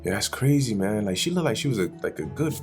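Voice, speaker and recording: A man voicing gossiping townsfolk swapping rumors in slangy, hushed talk. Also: on the low side, big pitch swings, fast talker, faint music behind. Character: gossiping townsfolk, casual young men.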